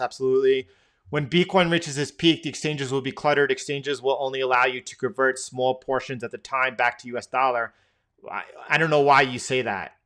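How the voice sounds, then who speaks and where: A man's voice: medium pitch, bright, forceful tone, clean tone. A man hosting a live trading stream, answering viewer questions in a loose, rambling way with many fillers and restarts.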